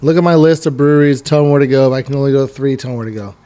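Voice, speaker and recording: A man co-hosting a relaxed chat, trading quick jokes and easy banter. His voice sits at an ordinary middle pitch. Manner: joking, wisecracking. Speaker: podcast co-host. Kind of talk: casual chat.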